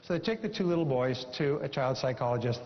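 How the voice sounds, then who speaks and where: A man's voice: mid-range voice, expressive, fast talker, slight background noise. A man speaking from a seminar stage, emphatic and repetitive, telling a story to drive home a point. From Canada. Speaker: motivational speaker. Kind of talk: seminar talk with a told joke. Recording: dull recording in a large hall.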